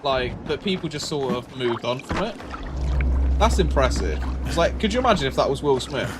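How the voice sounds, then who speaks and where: A man, animated and swearing in casual chat as a streamer. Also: moderate pace. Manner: animated, swearing, acts out quotes with sudden high yelps. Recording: noisy background.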